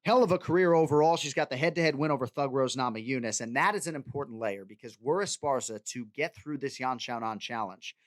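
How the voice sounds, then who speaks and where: A man's voice: mid-range voice, quick pace, few pauses, no room sound. A man hosting a casual sports podcast, playful, reading odds and prompting picks. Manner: playful, swears casually, reads betting odds. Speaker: podcast host.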